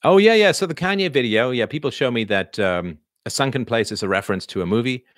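A man's voice: mid-range voice, animated, fast talker, dry recording, clean studio sound. A middle-aged man hosting a live chat, rambling through viewer questions with lots of fillers and restarts. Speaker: livestream host answering viewers.

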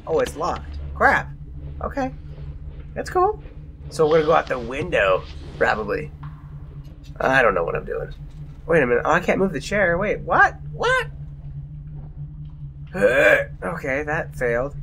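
A man's voice: fairly high pitch, fairly bright tone, slight background noise. A young man playing a horror game, jumpy and exclaiming, often mocking himself. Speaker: let's play gamer.

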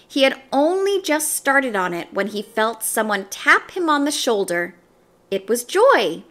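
A woman reading a children's storybook aloud in a gentle, expressive storytelling manner. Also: a little high, unhurried. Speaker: story reader.

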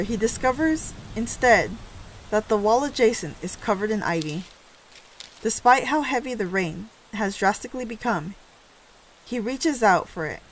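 A woman narrating a story game aloud, reading dramatically and breaking in with reactive asides. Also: mid-range voice.

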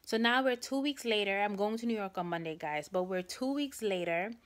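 A young woman vlogger speaks fairly quickly at medium pitch, telling a rambling story to camera in a chatty way and calling her audience "guys." Her jaw is sore, so opening her mouth and talking is difficult.

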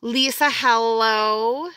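A woman's voice: on the high side, fairly even intonation, very slow, pushed and bright, clean tone, dry recording. A woman from Canada, chatting on a live stream from her phone, greeting viewers and answering their comments. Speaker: vlogger.

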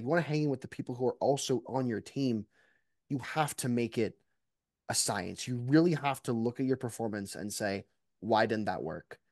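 A man's voice: mid-range voice, dry recording, studio quality. A man, a mock trial competitor, reflecting animatedly in a casual interview. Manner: reflective, animated, many restarts.

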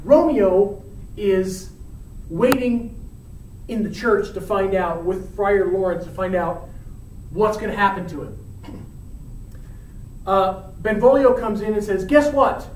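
A woman's voice: medium pitch, slow, pauses often, a little mellow, a little hiss or hum. A woman teacher casually retelling a play in a chatty, explaining way. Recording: roomy, from far off.

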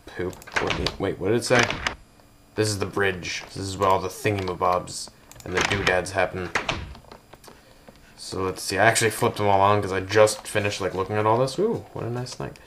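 A man's voice: low-pitched, level tone, normal speed, noisy background. A man casually touring a game build, rambling and joking with goofy asides. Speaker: gameplay video host.

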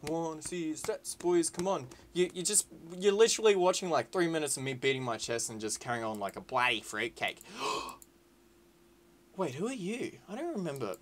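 A young man rambles through casual commentary over his gameplay. He is rowdy and sweary, jumping between excitable shouting and low muttering. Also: moderate pace, slight background noise. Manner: rowdy, sweary and excitable, swinging to loud whining outbursts. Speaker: gaming YouTuber. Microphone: desk mic with webcam.

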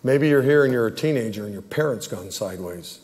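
A man's voice: medium pitch, expressive, a little fast, darkish tone. A man preaching an earnest altar call and prayer as a pastor, pleading with the congregation. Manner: earnest, pleading, acts out worried voices. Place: church sanctuary. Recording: long hall reverb.

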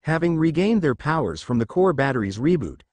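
A man narrating a fan fiction story in a steady, expressive reading voice. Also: a little high, fairly quick, no echo.

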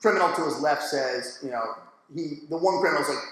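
A man on a church discussion panel, talking in a casual, animated, slangy and jokey way. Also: on the high side, fast talker. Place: church hall. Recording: echoey hall.

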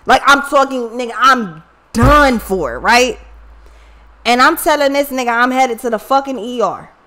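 Woman host, blunt and profane, high bright voice, animated casual storytelling. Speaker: tarot reader and channel host.

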